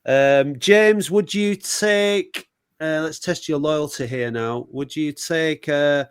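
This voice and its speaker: A man's voice: on the high side, slow, clean tone. A man hosting a football fan podcast, chatting casually with dry teasing jokes. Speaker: podcast host. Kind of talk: casual chat.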